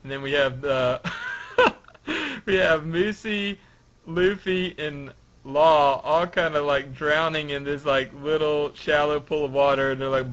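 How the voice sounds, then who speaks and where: A man's voice: mid-range voice, steady tone, a little slow, a bit bright. A man hosting a casual podcast, reading comic dialogue aloud in a laid-back, chuckling way. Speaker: podcast host. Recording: lo-fi dull audio.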